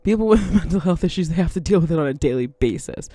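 A woman's voice: on the low side, animated, fast, dark tone, no room sound. Casual woman, chatty and unfiltered, laughs mid-sentence, dry close mic. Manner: rambling, laughs often, swears freely. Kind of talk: casual monologue.

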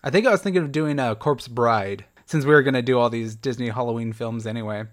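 A man's voice: mid-range voice, fast talker. A young man hosting a solo podcast, reviewing a horror film in a casual, chatty, self-deprecating way with light laughs.

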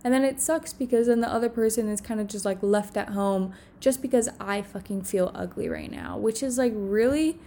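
A woman's voice: fairly high pitch, normal speed, few pauses, mellow. Tearful young woman, rambling confession. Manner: tearful, rambling, heavy on filler words. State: on the verge of crying. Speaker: content creator. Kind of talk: emotional confessional vlog. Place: alone in her room.

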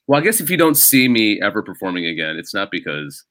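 A man's voice: lowish voice, very animated, fast talker, fairly bright tone, dry recording. A man, a stand-up comedian, telling stories in a casual podcast chat and laughing as he talks.

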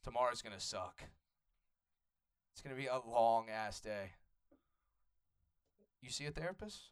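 Profane Atlanta stand-up comic. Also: male voice, medium pitch, a little slow, smooth. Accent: Atlanta Southern US. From Atlanta, USA. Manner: loose, profane, riffs with the audience. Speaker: stand-up comedian. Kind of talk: stand-up crowd work. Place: comedy club stage.

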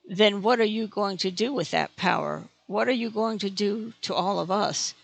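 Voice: medium pitch, normal speed, creaky. A narrator voicing a bold but worried companion.

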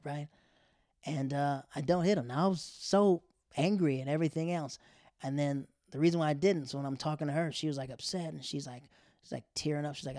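A young man casually telling a personal story in an animated way, with laughs and slangy asides. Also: medium pitch, quick pace, dry recording, clean studio sound.

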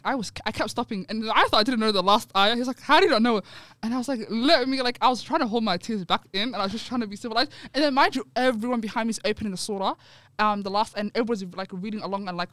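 A woman telling a story in casual podcast chat, animated and peppered with "wallahi". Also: medium pitch, no echo.

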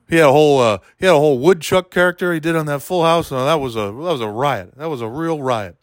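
A man doing a rambling, deadpan comedy monologue, talking to a listener by name as he goes. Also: on the high side, fast talker, no room sound, clean studio sound. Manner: meandering, deadpan, keeps addressing a listener by name.

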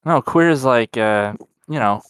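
A man's voice: mid-range voice, expressive, a little slow, fairly bright tone, clean tone, no room sound, clean studio sound. A young man co-hosting a podcast, teasing and arguing his points in casual banter. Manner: teasing, argumentative. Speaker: podcast co-host.

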